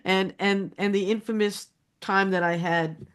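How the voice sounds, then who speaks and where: Slow-talking chatty woman co-host. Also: medium pitch, fairly even intonation, a bit bright, clear, resonant tone. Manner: chatty storyteller, laughs often, many restarts. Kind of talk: casual chat.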